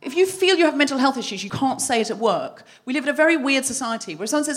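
A woman hosting a live comedy podcast, telling a story on stage with animated, breathless delivery and shrieking acted-out quotes. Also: high-pitched, fast talker, few pauses. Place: live venue with audience laughter.

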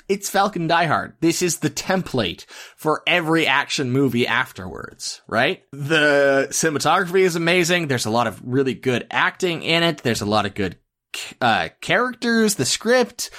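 A man's voice: fairly high pitch, bright, forceful tone. A man co-hosting a casual movie podcast, speaking hesitantly with many fillers. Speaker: podcast co-host.

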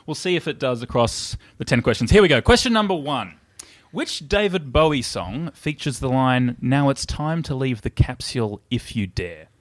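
A man hosting a comedy quiz podcast, playful and quick to laugh. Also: mid-range voice, lively intonation, no echo. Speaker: podcast host, quizmaster.

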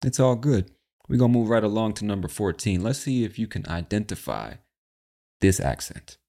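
A man's voice: on the low side, expressive, normal speed, dark tone. A man hosting a casual English-learning podcast in a laid-back, chatty way, swearing now and then. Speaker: podcast host, English teacher.

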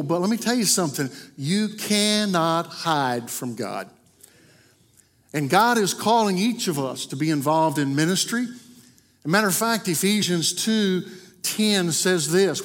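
A man with a Kentucky accent, preaching an earnest, story-driven sermon in a church. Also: high voice. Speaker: guest preacher. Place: church sanctuary. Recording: long church hall reverb.

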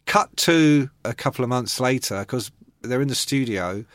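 A man's voice: mid-range voice, expressive, normal speed, fairly bright tone, dry recording. A middle-aged man, telling rock anecdotes in casual chat with dry self-mockery. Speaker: podcast co-host, rock writer.

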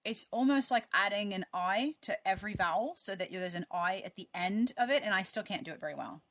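A woman co-hosting a podcast in an easy, chatty interview, her voice bright and forceful. She jokes and teases with sarcasm, and the recording is dry and close, with no room sound. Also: mid-range voice, expressive, fairly quick, no echo. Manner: joking, sarcastic, playful teasing. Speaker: podcast co-host. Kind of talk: casual interview chat.

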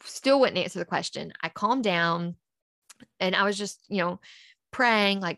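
A woman's voice: fairly low pitch, measured pace, gravelly, pushed and bright, no echo, clean studio sound. A woman, a podcast guest, earnestly recounting a personal story and acting out past conversations in quotes.

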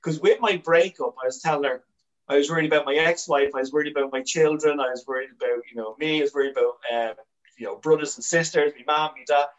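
An Irish man, a comedian guest on a podcast, telling candid stories with animated energy and frequent swearing. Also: fairly high pitch, fast talker, dull audio. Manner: animated storyteller, swears freely, restarts often.

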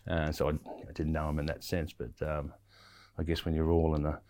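Deep-voiced Australian man spinning a yarn. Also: completely flat delivery, a little fast, darkish tone, dry recording. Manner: rambling, many fillers and restarts. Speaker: interview guest. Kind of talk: casual storytelling.

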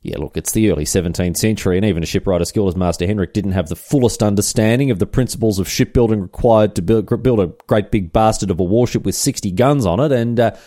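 A man's voice: on the low side, fast, hardly any pauses, mellow, no echo, studio quality. A man hosting a comedic history podcast, telling the story with chatty, irreverent asides and casual swearing. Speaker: podcast host.

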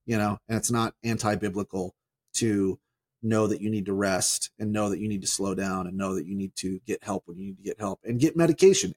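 A man's voice: lowish voice, darkish tone, slightly rough. Chatty joking man on a podcast. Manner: joking, chatty, lots of fillers. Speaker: podcast co-host. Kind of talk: casual podcast chat.

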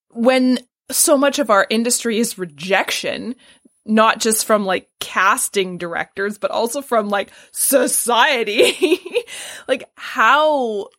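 A woman's voice: on the high side, fairly bright tone. A woman hosting a podcast, chatting casually and filling her talk with "like" and "right?". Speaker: podcast host. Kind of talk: casual interview chat.

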